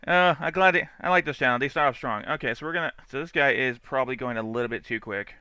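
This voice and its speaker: A man's voice: medium pitch, quick pace, pushed and bright, clear, resonant tone, dry recording. A man doing casual live-stream commentary on dash cam clips, chatty and swearing freely. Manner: chatty, laughs often, swears freely, mimics angry drivers.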